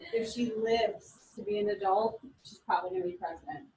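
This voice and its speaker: A woman in her forties teaching a class, animated and telling stories with quoted voices. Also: fairly high pitch, background noise. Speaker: instructor. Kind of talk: classroom lecture. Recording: echoey room from a distance.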